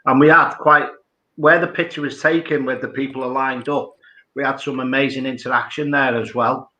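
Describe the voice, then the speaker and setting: A man's voice: mid-range voice, fairly even intonation, moderate pace, sharp tone. A man in casual chat about paranormal sites, rambling and adding detail after detail. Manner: rambling, piles on "as well". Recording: echoey room sound.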